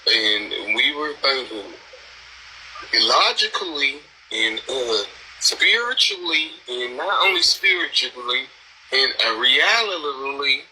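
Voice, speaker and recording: A man's voice: mid-range voice, sing-song, takes it slowly, bright, forceful tone, slight background noise, low-quality recording. A man hosting a live stream panel, talking in a blunt, rambling, profane casual chat.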